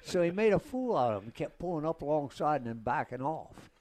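A man's voice: on the high side, sing-song, fast talker, darkish tone. An older man, a former race car driver, telling long rambling anecdotes in a casual chat and chuckling between lines. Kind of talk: casual storytelling.

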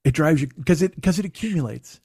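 A man's voice: on the high side, animated, quick pace, mellow, husky, dry recording, clean studio sound. A man telling a profane, exasperated comic story as a podcast co-host, mocking himself as he goes. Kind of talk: comedic storytelling rant.

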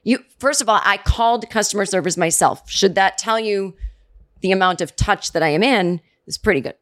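A woman's voice: mid-range voice, normal speed, a bit bright. A middle-aged woman hosting a comedy podcast, delivering a sarcastic, profane comedic rant. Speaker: podcast host. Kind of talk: comedic monologue.

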